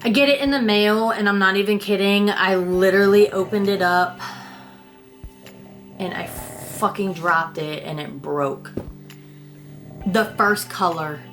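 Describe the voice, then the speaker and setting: A woman's voice: mid-range voice, steady tone, unhurried, pauses often, a bit bright, faint music behind. Chatty woman rambling through a declutter. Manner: chatty, rambling, self-deprecating, swears casually. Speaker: beauty vlogger. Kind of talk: casual makeup declutter chat.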